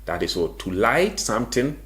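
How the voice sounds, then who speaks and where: A man's voice: lowish voice, big pitch swings, normal speed, a bit bright. A man teaching a language lesson, repeating each word patiently and asking questions that he then answers himself.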